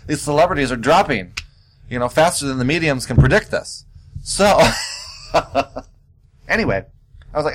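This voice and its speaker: A man hosting his own podcast, talking in a sassy, animated way with big jumps in pitch. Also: moderate pace, rough recording. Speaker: podcast host. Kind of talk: casual solo podcast monologue.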